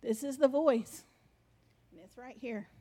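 A woman's voice: high voice, unhurried, warm tone. A woman preaching animatedly and directing a live skit with her congregation.

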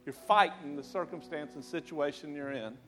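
A man's voice: fairly high pitch, moderate pace. A man, a pastor, earnestly sums up the calls at the end of a sermon. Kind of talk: sermon wrap-up. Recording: soft guitar playing behind.

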